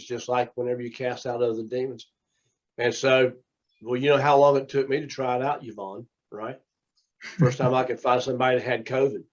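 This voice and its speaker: A man teaching a small class, talking in a rambling, conversational way as he tells stories. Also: mid-range voice. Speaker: teacher and minister. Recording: dull lo-fi recording.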